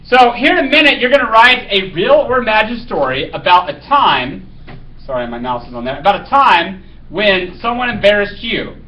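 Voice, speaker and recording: A man's voice: sits high, lively intonation, moderate pace, sharp tone, rough recording. A male teacher reading a story aloud to his class, then giving casual directions for a writing task.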